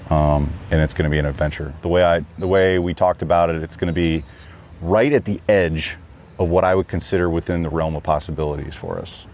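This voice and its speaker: A man's voice: low-pitched, fairly even intonation, a little fast, a little mellow. A man being interviewed about a trip, talking casually and rambling with lots of fillers and restarts. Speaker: guest hiker. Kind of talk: casual chat.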